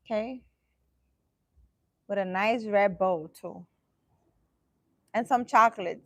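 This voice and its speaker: A woman's voice: medium pitch, measured pace, pauses often, a bit bright, no room sound. Playful, teasing woman livestream host. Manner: playful and teasing, emphatic, laughs often. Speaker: livestream host answering viewers. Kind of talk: casual livestream chat.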